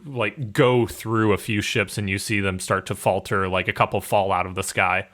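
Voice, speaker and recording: A young man narrating as game master, describing scenes in a relaxed way with many fillers. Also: lowish voice, moderate pace.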